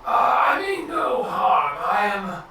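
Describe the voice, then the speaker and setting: A man's voice: high-pitched, huge pitch swings, takes it slowly, creaky, sharp tone, slight background noise, pitched above the performer's own voice, exaggerated voice. A man voicing a meek, middle-aged bearded human arcanist caught stowing away, pleading and flustered. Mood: flustered explaining. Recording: echoey room, far from mic.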